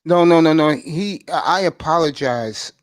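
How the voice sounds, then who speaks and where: A man's voice: a little high, moderate pace, dry recording, clean studio sound. A man hosting a casual live chat show, often stammering and repeating words. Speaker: host.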